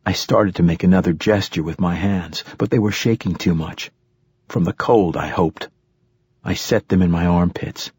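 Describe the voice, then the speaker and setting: A man narrates a novel in the first person with a steady, low-key delivery. His voice sits very low and sounds husky, and the recording is dry and close. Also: moderate pace, dry recording. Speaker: audiobook narrator.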